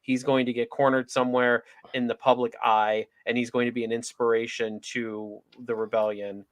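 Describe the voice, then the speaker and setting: A man co-hosting a casual TV review chat, excitedly spinning theories and tripping over his words. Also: mid-range voice, moderate pace, no echo. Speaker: podcast co-host.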